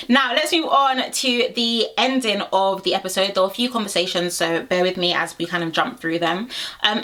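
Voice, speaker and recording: A woman's voice: mid-range voice, bright, forceful tone. A young woman giving a casual, frank review of a reality show episode, talking straight to her viewers. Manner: chatty, frank, addresses viewers directly. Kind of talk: casual reaction chat.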